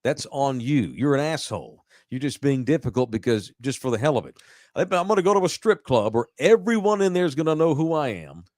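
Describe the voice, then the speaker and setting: In clean studio sound with no room noise, a male podcast co-host tells stories in casual chat, cursing a lot and acting out quotes with animated energy. His voice is medium-pitched and fairly quick.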